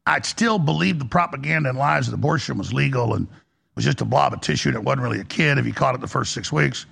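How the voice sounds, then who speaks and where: Gravelly, husky man preaching hard. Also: fast talker, fairly bright tone. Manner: intense and preachy, voice swinging high and low. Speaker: radio talk show host. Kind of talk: impassioned monologue.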